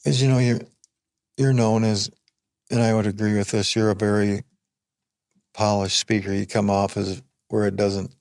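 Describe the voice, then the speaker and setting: Older man with a flat, gravelly voice. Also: on the low side. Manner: plain-spoken, reflective, unhurried. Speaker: podcast guest. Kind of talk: casual conversation.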